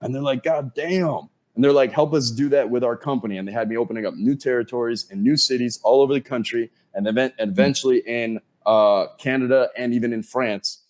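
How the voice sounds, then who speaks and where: A man's voice: mid-range voice, fast talker, few pauses. A man, a podcast guest, telling his career story with energy and acting out what other people said to him. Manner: animated storyteller who acts out quoted dialogue.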